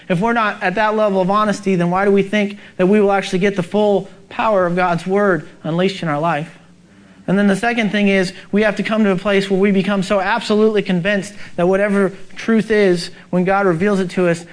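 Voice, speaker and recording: A male pastor preaching a sermon, urgent and emphatic, asking the congregation rhetorical questions. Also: high-pitched.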